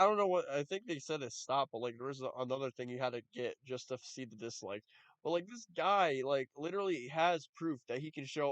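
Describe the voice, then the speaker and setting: A man's voice: mid-range voice, clean tone, no room sound. A man giving reaction commentary, talking in a profane, mocking and exasperated way. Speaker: YouTube commentator.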